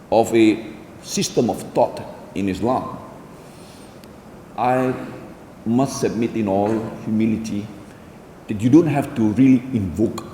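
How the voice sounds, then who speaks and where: A man giving a formal public lecture in a hall, speaking in a measured, deliberate way with formal phrasing. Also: fairly low pitch, mellow, a little hiss or hum. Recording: echoey hall with faint ambience.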